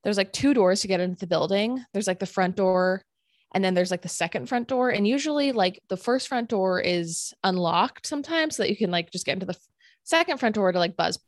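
A woman telling a personal story in casual chat, animated and full of "like" fillers. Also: medium pitch, a little fast, no room sound, clean studio sound. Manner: animated, filler-heavy retelling with many "like"s.

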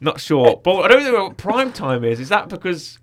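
A man from the United Kingdom hosts a relaxed film discussion. He talks in a chatty, animated way, with a voice sitting slightly high, and acts out the scenes as he retells them. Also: normal speed. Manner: chatty, recounts scenes with quotes. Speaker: film podcast host. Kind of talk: casual chat.

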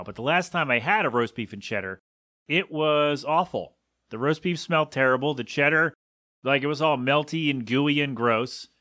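A man's voice: fairly high pitch, sharp tone, no echo, clean studio sound. A man hosting a casual solo podcast, rambling and exasperated as he rants with frequent asides. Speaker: podcast host.

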